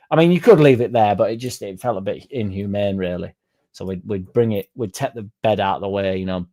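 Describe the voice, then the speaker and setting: A man hosting a fan livestream, rambling through deadpan jokes and chatting to the chat. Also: low voice. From Leeds, England. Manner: rambling deadpan joking, dropped articles. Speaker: fan channel livestream host. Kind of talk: casual livestream chat reading the chat.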